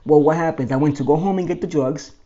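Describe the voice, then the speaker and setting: A man's voice: fairly high pitch, fast, dark tone, muffled recording. A man telling his own life story in a rambling monologue, often restarting and correcting himself.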